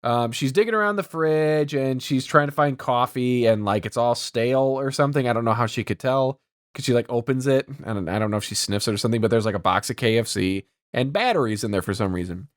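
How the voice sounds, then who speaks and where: A man's voice: medium pitch, a little fast, no echo, studio quality. A man co-hosting a podcast, giving a loose, profane summary of a film's plot. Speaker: podcast co-host. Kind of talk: casual movie recap chat.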